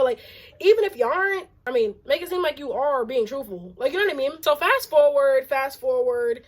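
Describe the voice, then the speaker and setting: High-voiced young woman telling a storytime. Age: young adult. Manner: animated and exasperated, heavy use of "like". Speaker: vlogger. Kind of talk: casual storytime.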